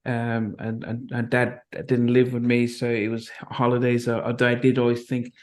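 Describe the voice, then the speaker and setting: A middle-aged man from Nigeria hosting an interview, speaking reflectively with many restarts and pauses. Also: mid-range voice, completely flat delivery, a little mellow. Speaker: interview host. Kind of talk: conversational interview.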